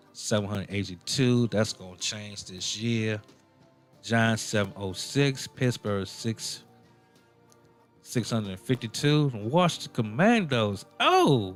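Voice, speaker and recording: Low-voiced rambling sports radio host. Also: male voice, a bit bright. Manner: rambling and playful, with many fillers and self-corrections. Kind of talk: casual sports talk.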